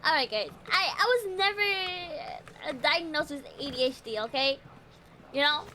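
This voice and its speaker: A woman with a very high, bright voice streams a game and chats with her viewers. Her pitch swings widely as she giggles, yelps and trash-talks enemies, yet her pace stays unhurried. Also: slight background noise. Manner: giggly and excitable, frequent laughter and yelps; taunts enemies and swears when startled. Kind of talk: live gameplay commentary, chatting with viewers.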